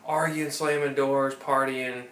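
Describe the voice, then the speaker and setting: A man's voice: mid-range voice, level tone, takes it slowly, a bit bright, far from the mic. Man telling a rambling story. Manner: rambling anecdotes with profanity and restarts. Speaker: podcast co-host. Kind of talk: casual chat, storytelling. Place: apartment room. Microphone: phone or tablet recording. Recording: roomy audio from off-mic.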